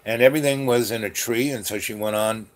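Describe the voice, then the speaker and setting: Rambling, throat-clearing male storyteller. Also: lowish voice, brisk. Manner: meandering, many fillers and restarts, frequent throat clearing. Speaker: channel host.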